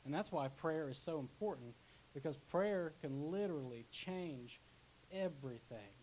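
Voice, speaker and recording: A man's voice: fairly high pitch, expressive, unhurried, a little mellow, low-quality recording. A young man preaching a casual sermon as pastor, chatty, with asides and restarts. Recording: faint hiss.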